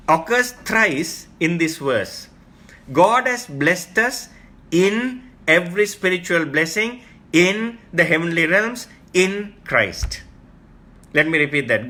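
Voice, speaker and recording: A man teaching the Bible in a sermon, earnest and emphatic, repeating key phrases and explaining Greek terms slowly. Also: on the high side, sharp tone.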